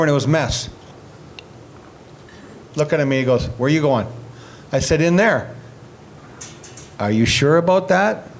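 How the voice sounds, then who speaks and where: Middle-aged former player, slightly high voice, animated anecdotal interview delivery. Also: male voice, slight background noise. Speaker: retired hockey player telling stories. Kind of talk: storytelling interview.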